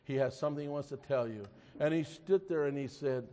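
A man preaching a sermon, telling a story and then pressing his point emphatically before dropping to a hush. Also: fairly high pitch, fairly quick, big-room sound. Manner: storytelling, rising to emphatic exhortation, drops to a hush.

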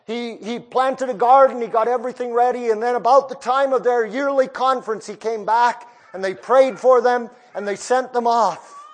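A man preaching a storytelling sermon, moving between hushed passages and raised ones. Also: very high voice, fairly even intonation, normal speed, few pauses.

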